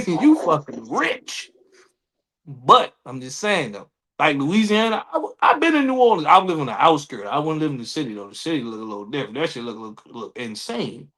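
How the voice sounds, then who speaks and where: A podcast co-host from the Washington DC area speaks with a DC-area accent and a fairly high, sing-song voice that is pushed and bright. At a moderate pace he chats casually and profanely, acting out other people's voices.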